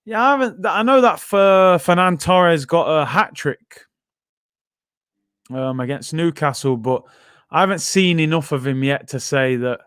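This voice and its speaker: A man's voice: a little high, expressive, measured pace, a bit bright, clean tone, dry recording, studio quality. A man hosting a football watchalong stream, chatting casually, using slang and reading out viewer comments.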